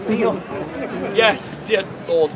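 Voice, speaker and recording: A man comically narrating a live audience-participation show and shouting cues for the crowd to repeat. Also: sits high, extremely slow. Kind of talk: live comedic storytelling to a crowd. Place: outdoor fair stage. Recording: loud crowd noise outdoors. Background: loud crowd of onlookers.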